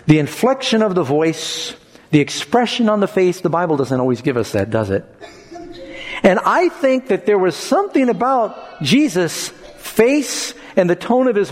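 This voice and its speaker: A man preaching a sermon, expressive, acting out quoted lines in changing tones. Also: sits high, a little slow. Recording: long hall reverb.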